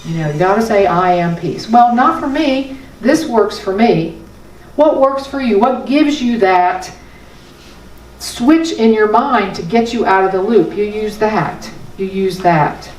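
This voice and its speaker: A woman's voice: mid-range voice, takes it slowly, a little mellow, slight background noise. A woman giving a sermon as a spiritual teacher, talking in a conversational but emphatic way. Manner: conversational, emphatic, with small laughs. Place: spiritual center hall. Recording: roomy hall from a distance.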